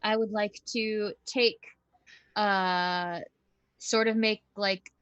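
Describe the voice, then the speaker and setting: A woman's voice: medium pitch, steady tone, very slow, fairly bright tone, smooth, no echo, muffled recording. A woman playing a tabletop game, laying out her plan tentatively and thinking aloud. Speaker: player. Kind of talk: casual tabletop game talk.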